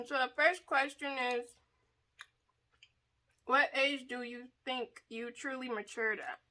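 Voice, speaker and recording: A woman's voice: high-pitched, fairly even intonation, takes it slowly, bright, forceful tone. A woman hosting a casual eat-with-me video, chatty and playful, laughing often as she talks. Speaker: mukbang vlogger.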